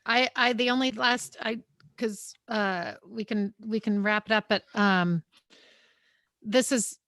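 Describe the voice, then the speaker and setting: A woman's voice: medium pitch, steady tone, slow pace, a bit bright, no echo, studio quality. A woman co-hosting a podcast in casual chat, speaking hesitantly with fillers before reading a passage aloud. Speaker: podcast co-host.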